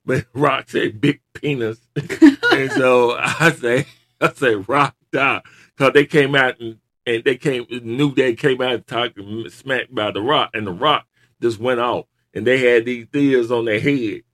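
A man chatting casually, an animated storyteller who laughs often. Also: medium pitch, unhurried. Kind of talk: casual chat about wrestling.

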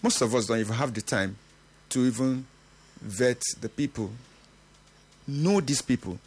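A man's voice: mid-range voice, unhurried, slightly rough. A middle-aged man, hosting a morning radio talk show in an earnest, emphatic way. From Nigeria. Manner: earnest, emphatic, with occasional laughs. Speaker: radio host.

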